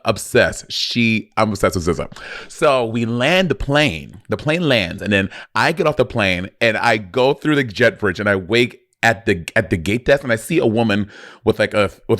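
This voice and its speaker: Animated storytelling man, dry sound. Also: lowish voice, dry recording. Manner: animated storyteller who acts out quoted dialogue; swears freely. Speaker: podcast co-host. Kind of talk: casual chat.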